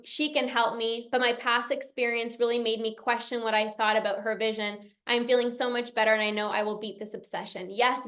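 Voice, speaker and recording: A young woman with a high voice gives a heartfelt motivational talk as a coach and podcast host. She speaks earnestly, sometimes close to emotional, and leans on repetition to drive her points home. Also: a bit bright. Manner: earnest, emotional, repeats phrases for emphasis. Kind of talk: motivational talk, reading out member comments.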